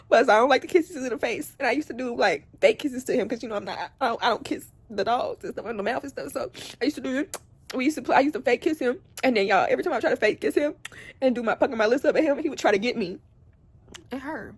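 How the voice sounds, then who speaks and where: A woman's voice: a little high, fast, slightly rough, no room sound. A young woman, talking to camera at home through tears, rambling and confiding in her viewers. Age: young adult. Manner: tearful, rambling, speaks straight to viewers. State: crying on and off. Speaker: vlogger. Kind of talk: emotional confiding chat to camera. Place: at home, indoors.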